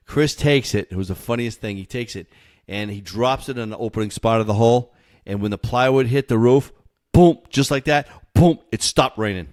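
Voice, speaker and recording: A man co-hosting a podcast, telling work anecdotes in a casual, animated way and laughing as he goes. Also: mid-range voice. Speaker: podcast co-host. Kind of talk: casual storytelling.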